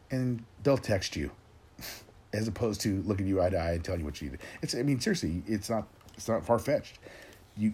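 Gruff, deep-voiced man ranting profanely. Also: a little mellow. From Tennessee, raised in Oregon. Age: 40s. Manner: rambling, gruff, swears constantly, many restarts. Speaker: rant host. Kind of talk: profane solo rant.

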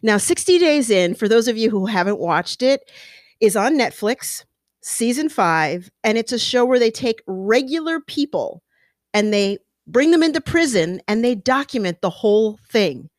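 A woman hosting an interview podcast, bubbly and excitable, laughing often as she chats with her guest. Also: fairly high pitch, normal speed, no echo, clean studio sound. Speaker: podcast host. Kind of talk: upbeat interview chat.

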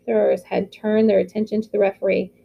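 A woman reading a novel aloud with steady storytelling. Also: medium pitch, a little fast, vocal fry, lo-fi sound. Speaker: audiobook reader.

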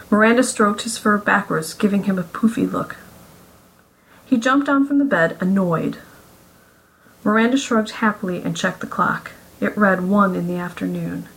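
A woman reads a romance story aloud in a steady, mid-pitched voice. Her storytelling is smooth and even, the sound of scripted audiobook narration. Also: rough recording.

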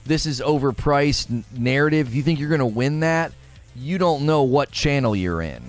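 A man's voice: mid-range voice, animated, normal speed, faint music behind. A man hosting a livestream, ranting at his chat in an exasperated, sarcastic, mocking way. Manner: mock voices of chatters. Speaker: livestream host.

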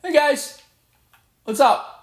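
Man, gameplay commentary, swooping lively voice, cocky trash talk, echoey room. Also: very high-pitched, takes it slowly. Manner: excitable, playfully boastful trash talk. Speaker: gamer.

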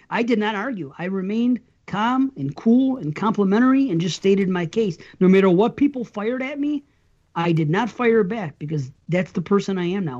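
A man's voice: high-pitched, darkish tone. A man hosting a casual podcast chat, easygoing and rambling, laughing often as he tells his stories. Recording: slightly muffled audio.

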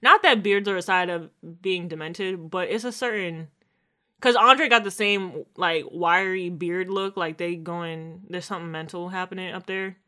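Woman podcast co-host, casual recap chat, bright tone, animated delivery. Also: lowish voice, normal speed. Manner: animated, laughing, acts out quoted lines.

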